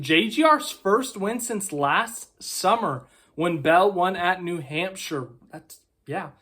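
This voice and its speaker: A man with a notably high voice talks through a race in a relaxed, conversational commentary. He is opinionated and rambles into asides as he goes. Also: unhurried. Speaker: racing commentator. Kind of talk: casual video commentary.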